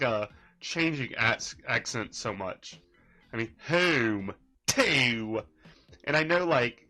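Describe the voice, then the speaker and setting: A man's voice: medium pitch, bright, forceful tone. A man giving casual, rambling reaction commentary, mocking the person in the clip. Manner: rambling, mocking, laughs at his subject.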